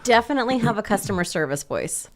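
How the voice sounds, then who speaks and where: A woman in her forties hosts a morning radio show, trading wry, playful banter from the studio. Her voice sits at a medium pitch and she laughs easily. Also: very animated, fast talker. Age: 40s. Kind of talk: casual on-air banter.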